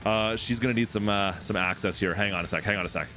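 A man streaming live farm gameplay, chatting excitably with his viewers and talking to the game. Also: fairly low pitch, fast talker, soft background music. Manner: excitable, chatty, talks to chat.

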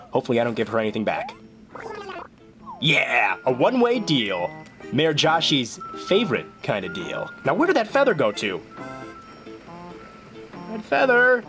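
A host giving casual, jokey commentary on a game they are playing, with playful and excitable outbursts. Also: mid-range voice. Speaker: gameplay video journal host. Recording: game music clearly behind the voice.

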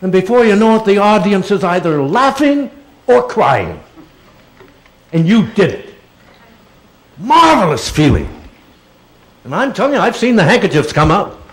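Male guest speaker, slightly high voice, loose and rambling, answers a crowd's questions in an auditorium. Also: big pitch swings, a little slow, pauses often, poor audio. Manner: chatty, rambling, calls audience members dear. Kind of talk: talk and audience Q&A. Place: large auditorium.

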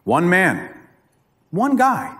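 A guest speaker from Oklahoma, USA, with an Oklahoma accent, gives a live public talk in a lecture hall, emphatic and dramatic, repeating phrases for effect. His voice sits high and a bit bright, with wildly swooping pitch and a very slow pace. The hall recording is reverberant.

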